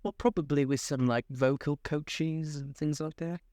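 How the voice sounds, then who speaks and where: A young man co-hosting a podcast in casual chat, making quick joking quips. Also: on the high side, steady tone, dark tone, no echo, clean studio sound. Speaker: podcast co-host.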